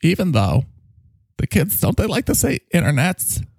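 A man voicing a cocky, needy male talking microphone that swoops in pitch and bursts into shouts. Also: very animated, moderate pace, vocal fry, breathy edge, no echo, studio quality, heavily acted. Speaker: podcast co-host character. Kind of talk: improvised comedy bit.

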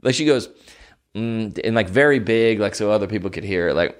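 A man's voice: on the low side, animated, brisk. A young man hosting a podcast, telling rambling stories in casual chat with lots of fillers and mock voices. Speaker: podcast host.

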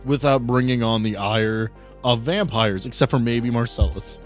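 A man's voice: mid-range voice, normal speed, faint music behind. A man hosting a tabletop role-playing podcast as game master, chatty and playful.

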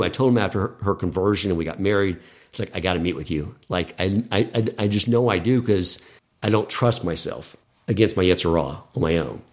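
A man's voice: fairly low pitch, a little mellow. A middle-aged man, a podcast guest, earnestly telling a personal story in casual conversation and acting out the dialogue he quotes.

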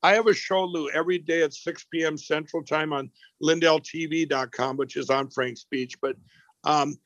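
A man's voice: a little high, steady tone, normal speed, fairly bright tone, no room sound, highs cut off. A man, a company boss interviewed as a guest, talking in a rambling way with many restarts and repeated words. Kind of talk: animated call-in interview.

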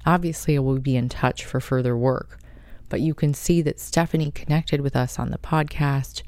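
A woman's voice: extremely low pitch, fairly even intonation, normal speed, darkish tone, no room sound. A woman hosting her own podcast, talking in a gushing, chatty and effusive way. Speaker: podcast host. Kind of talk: casual monologue.

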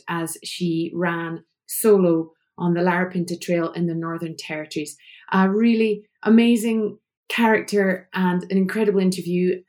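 A middle-aged woman hosts a podcast interview in a chatty, effusive way. Her voice sits a little on the low side, and she keeps piling praise on her guest. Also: darkish tone. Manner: gushing, enthusiastic, chatty. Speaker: podcast host.

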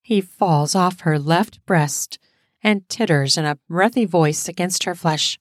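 Woman, erotic audio story narration, steady delivery, dry close sound. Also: fairly low pitch, a little slow, no echo.

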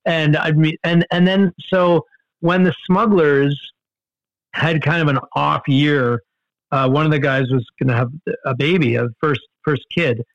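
A man telling a story in casual conversation, animated, with many fillers and restarts. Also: measured pace, no room sound, muffled recording. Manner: animated, jumps in pitch for quoted outbursts, many fillers and restarts. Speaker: guest storyteller.

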